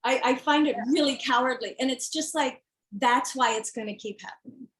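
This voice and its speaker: A woman's voice: high-pitched, normal speed, a bit bright, rough recording. A woman author talking frankly and emphatically about her children's book, acting out other people's words and sometimes swearing. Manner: swears when heated. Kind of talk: candid conversation.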